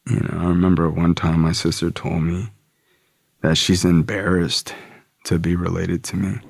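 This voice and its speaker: A man's voice: low voice, little pitch movement, moderate pace, vocal fry, a little mellow, slightly rough, dry recording. Man, podcast guest, personal story, candid, swears, says "like" a lot, dry close sound. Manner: candid, profane, full of "like" and "you know".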